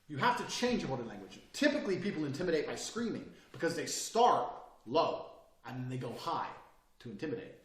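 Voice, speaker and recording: A man giving a blunt, profane motivational talk, often dropping from loud to quiet. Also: medium pitch, wildly swooping pitch, brisk, echoey room, far from the mic. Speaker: speaker giving advice.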